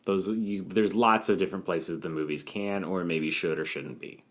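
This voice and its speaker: A man with a very deep voice co-hosting a comedy podcast. He talks in a deadpan, rambling way, spinning silly bits. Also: normal speed. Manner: deadpan jokey, rambling riffs. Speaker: podcast co-host. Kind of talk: casual comedic chat.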